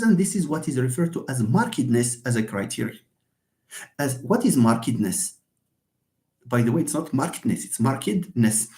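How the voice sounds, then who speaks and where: A man's voice: fairly high pitch, darkish tone. A man giving a live linguistics lecture, explaining and answering his own questions. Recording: roomy echo.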